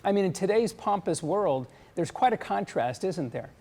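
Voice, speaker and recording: A man's voice: high-pitched, expressive, normal speed, darkish tone. A male news anchor giving live, earnest commentary on a broadcast event in a conversational way.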